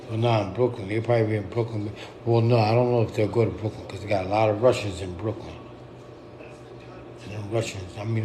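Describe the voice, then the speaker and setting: A man's voice: fairly low pitch, background noise. A middle-aged man talking straight to his livestream viewers in a blunt, profane, repetitive rant. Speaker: poet and livestreamer.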